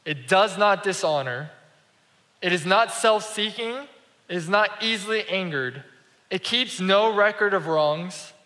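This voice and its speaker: Pastor, male, chatty storyteller sermon; bright tone, big reverberant room. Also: high voice, a little slow. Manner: conversational storytelling, acts out quoted dialogue. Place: church sanctuary. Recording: reverberant church hall.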